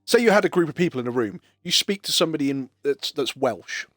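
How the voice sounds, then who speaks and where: Fast and slightly high, this English streamer's voice is recorded dry. Chatting away as he games, he swears freely and tells lively stories full of banter.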